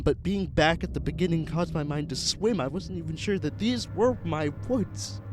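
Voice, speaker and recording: A man narrating a first-person horror story in an earnest, halting way, with small restarts. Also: fairly high pitch, a little mellow, slight background noise. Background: music.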